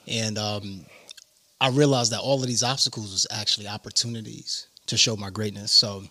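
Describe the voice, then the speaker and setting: A man from New York with a New York accent, a guest telling his life story in an animated way. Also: on the low side, moderate pace. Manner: animated storyteller, acts out quotes. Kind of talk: casual interview storytelling.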